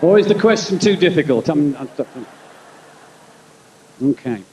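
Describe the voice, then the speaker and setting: A man in his forties with a Birmingham accent doing live stand-up at an outdoor concert. He chats and rambles to the audience, with quick punchlines. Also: fairly high pitch, expressive, darkish tone, a little hiss or hum, low-quality recording. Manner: chatty, rambling asides to the crowd, quick punchlines. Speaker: stand-up comedian and concert compere. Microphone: stage microphone over a PA.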